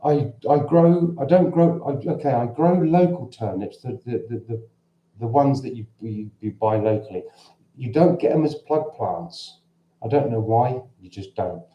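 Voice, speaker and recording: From his home in central Portugal, a Cockney-accented man originally from London rambles conversationally through viewer questions on a casual livestream, often restarting. His mid-range voice is a little slow, and the sound is lo-fi with a roomy echo.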